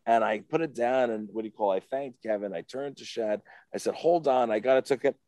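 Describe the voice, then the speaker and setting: A man with a medium-pitched, dark-toned voice speaks a little fast, with no echo. Appearing as a guest on an interview show, he tells a story casually and ramblingly, often pausing with "what do you call it" and imitating the voices of people involved, emotional and close to tears.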